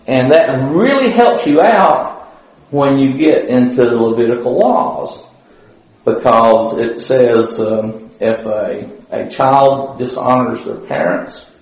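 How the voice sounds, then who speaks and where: This Bible study teacher's mid-range voice is a little mellow as he gives a folksy, informal church lesson. He rambles, with many fillers and restarts, and the room echoes heavily.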